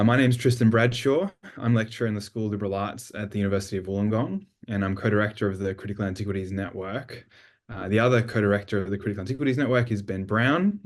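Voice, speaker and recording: Male emcee, low voice, measured and earnest formal welcome, video call. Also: darkish tone. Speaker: master of ceremonies.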